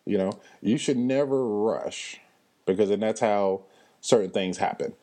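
A man with a drawl hosts a casual podcast monologue. His voice sits low, and he talks bluntly and with energy, swearing without hesitation. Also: measured pace. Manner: animated, blunt, swears freely. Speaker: podcast host.

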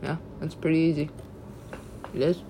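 Woman with a gravelly, fry-heavy voice in casual monologue; loose, profane, stream-of-consciousness delivery. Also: deep voice, steady tone, moderate pace, warm tone, a little hiss or hum.

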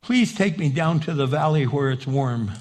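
A man voicing a sly, cold snake that pleads softly and whispers in a low voice. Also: animated, moderate pace, big-room sound, natural voice. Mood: pleading. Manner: soft wheedling, whispering.

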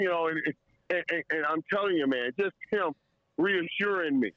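A man's voice: on the high side, moderate pace, no room sound, lo-fi sound. A man telling a story in casual chat, emotional and tearing up, stumbling over repeated words and laughing often. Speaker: guest storyteller.

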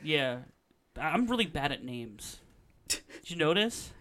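High, lively male podcast co-host. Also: unhurried. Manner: profane, playful, acts out characters mid-story. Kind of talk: casual movie-recap banter.

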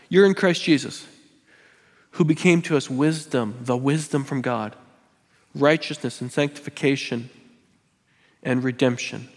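A man's voice: mid-range voice, measured pace, pauses often, husky. A man preaching a sermon as pastor, driving points home by repeating phrases and slipping in joking asides. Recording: long hall reverb.

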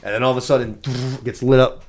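A man in his thirties hosting a podcast, recapping a scene in a casual, profane, animated way. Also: medium pitch, fast talker. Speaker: podcast host. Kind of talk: casual chat.

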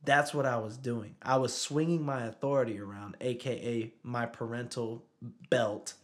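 A man's voice: medium pitch, steady tone, normal speed. A man in his thirties, a father telling a story in casual conversation, who often asks "you know what I'm saying". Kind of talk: casual chat.

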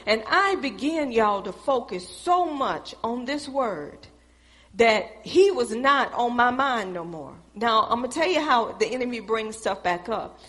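A middle-aged woman telling a preached testimony, speaking in an animated storytelling way and calling out to her audience. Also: a little high.

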